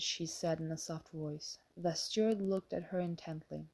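A woman narrating an audiobook of a classic story in a measured way, sometimes correcting her own slips. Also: lowish voice, steady tone, creaky, darkish tone. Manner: measured, occasionally stumbling and self-correcting. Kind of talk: scripted narration.

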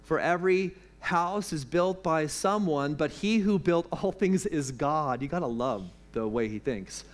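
A male pastor preaches at an evening church service. His voice sits a little high, and he talks to the congregation conversationally, mixing jokes and questions into the teaching. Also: expressive, a little slow, hardly any pauses. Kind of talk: sermon.

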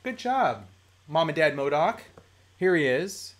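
A live-stream host talking casually about toy collecting at a home desk mic, chatty, mildly profane and quick to laugh. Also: mid-range voice, big pitch swings. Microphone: desk microphone.

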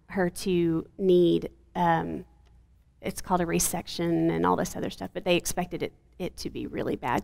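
Woman in her 40s telling a hard story, creaky voice, lots of ums. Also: fairly low pitch, a little mellow. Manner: earnest, halting with frequent fillers. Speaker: guest, mother of a sick child. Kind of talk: emotional personal testimony in an interview.

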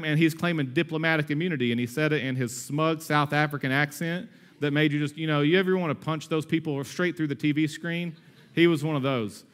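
Lively, conversational male preacher. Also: fairly high pitch. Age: 30s. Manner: energetic, conversational preaching with asides and humor. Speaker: pastor. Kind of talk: sermon.

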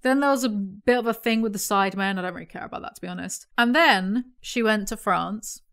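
A woman's voice: mid-range voice, fairly quick, a bit bright. A young English woman with a London accent, ranting sarcastically in casual commentary and swearing freely. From England. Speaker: commentary YouTuber.

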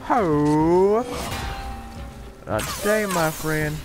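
A gamer giving casual commentary over gameplay, excitable and trash-talking at the game. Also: mid-range voice, extremely slow. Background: game music and sound effects.

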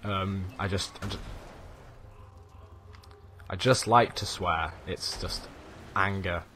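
A man's voice: deep voice, takes it slowly, pushed and bright, slight background noise. A young man swearing and muttering while commenting on his own gameplay. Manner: frustrated, swears constantly, mutters to himself. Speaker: gaming YouTuber. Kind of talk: casual let's play commentary.

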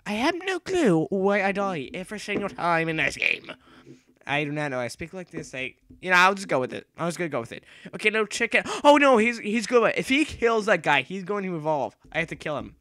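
A young man commentating his own gameplay, excitable and rambling, yelling and repeating himself as he plays. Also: high-pitched, fairly quick, no room sound. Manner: excitable, yells and shrieks when playing. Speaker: gaming YouTuber.

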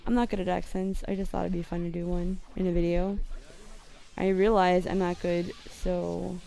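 Young woman, put-on London accent, casual gameplay commentary, rambling, self-deprecating, lowish voice, mellow. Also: level tone, normal speed, vocal fry. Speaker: gamer. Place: her bedroom at home.

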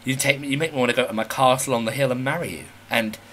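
A man's voice: mid-range voice, very fast, a bit bright, a little hiss or hum. A man recording a personal video message for a friend, playful and teasing, swearing casually between affectionate words.

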